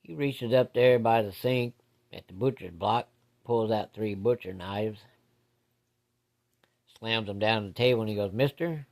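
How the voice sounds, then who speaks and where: A man's voice: fairly low pitch, fairly even intonation, a little slow, gravelly, pauses often, darkish tone. Folksy man telling a ghost story. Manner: folksy, plain-spoken with casual swearing.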